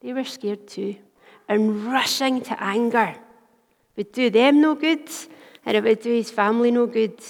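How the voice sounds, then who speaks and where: A woman's voice: on the high side, moderate pace. Woman preaching in a reverberant church. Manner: earnest storytelling, softening to a hush for quoted words. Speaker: minister. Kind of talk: sermon.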